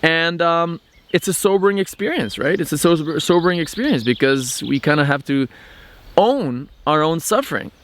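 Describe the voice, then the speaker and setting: A man hosting a spiritual vlog, talking thoughtfully with frequent pauses and restarts. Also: fairly high pitch, expressive, a bit bright. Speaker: channel host. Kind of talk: reflective spiritual vlog monologue.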